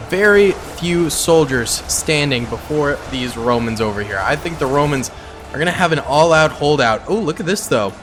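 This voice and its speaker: A man's voice: fairly high pitch, lively intonation, normal speed, a bit bright. Man, gameplay commentary, chatty, upbeat, playful slang, music under voice. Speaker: gaming YouTuber commentating a battle simulation.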